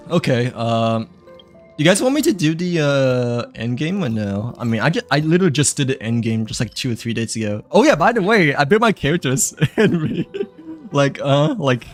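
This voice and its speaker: A man's voice: medium pitch, lively intonation, normal speed, soft background music. A young man chatting casually on a live stream, rambling with lots of fillers and self-corrections, a little stuffy and short of breath. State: runny nose, a little out of breath.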